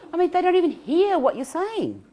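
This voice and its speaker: A middle-aged woman giving an animated self-help talk on anxiety recovery. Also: extremely high pitch, slight background noise. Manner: animated, acts out quoted voices, laughs often.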